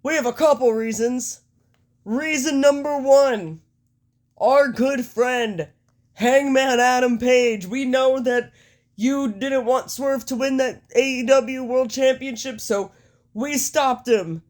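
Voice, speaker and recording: A woman's voice: sits high, slow pace, darkish tone, voice pushed up. A woman imitating a smug wrestler promo. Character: smug male pro wrestler cutting a promo.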